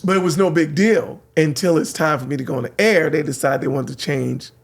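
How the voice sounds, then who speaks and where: A middle-aged man from San Francisco, a radio host telling lively stories, acting out voices and laughing often. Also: a little high, fairly quick, creaky. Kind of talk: animated storytelling.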